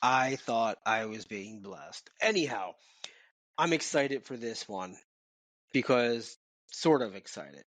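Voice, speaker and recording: A man co-hosting a podcast from his home office, talking in an animated, casual way with repeats and swearing. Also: medium pitch, slow, dry recording. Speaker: podcast co-host. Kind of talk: casual chat.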